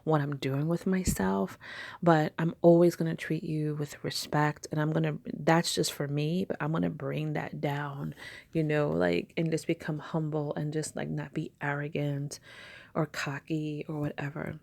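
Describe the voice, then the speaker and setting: Spiritual teacher, woman, low gravelly tone, chatty storyteller, dry close sound. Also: flat delivery, a little slow, a little mellow, no echo. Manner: chatty storytelling with filler words. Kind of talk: casual spiritual talk.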